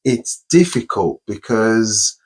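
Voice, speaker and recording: A man's voice: lowish voice, animated, slow, slightly rough. A young man hosting a podcast, talking earnestly and upbeat in casual conversation, often running through long lists. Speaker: podcast host.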